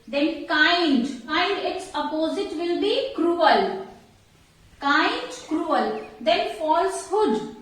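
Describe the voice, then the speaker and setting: A woman's voice: very high-pitched, fairly bright tone. A woman teacher patiently explains a school workbook lesson and spells words out letter by letter. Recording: echoey room, voice far from the mic.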